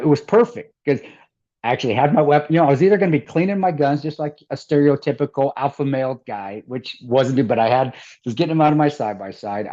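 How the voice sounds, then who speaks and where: A man's voice: mid-range voice, mellow, lo-fi sound. A middle-aged man from the American Midwest, telling a story as an interview guest, rambling with restarts and laughter. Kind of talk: casual storytelling.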